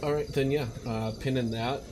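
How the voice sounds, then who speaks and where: A man playing a tabletop game, low-key and hesitant, mumbling his turns. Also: steady tone, moderate pace. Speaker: player. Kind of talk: casual tabletop play. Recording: noisy background hiss.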